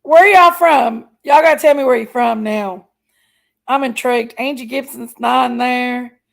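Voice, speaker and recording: Chatty woman with a gravelly voice. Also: a little high, fairly even intonation, rough recording. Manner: chatty, playful, drawn-out exclamations. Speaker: livestream host. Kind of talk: casual chat reading live comments.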